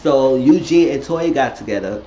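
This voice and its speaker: A man chats through a reality show recap in a loose, profane, animated way, sometimes leaping into shrill voices to quote people. The sound is roomy and dull, with a faint hiss underneath. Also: normal speed. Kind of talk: casual recap chat.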